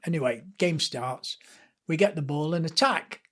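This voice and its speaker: In a podcast interview, an older man from Lancashire, England, a guest author, spins lively anecdotes and jokes at his own expense. He talks at a moderate pace, his voice pitched on the high side.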